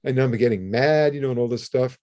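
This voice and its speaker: An older man, a guest in an interview, telling a story in a casual, animated way and acting out the phone calls in it. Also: medium pitch, fast talker, dull audio. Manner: animated, acts out his own and others' phone calls.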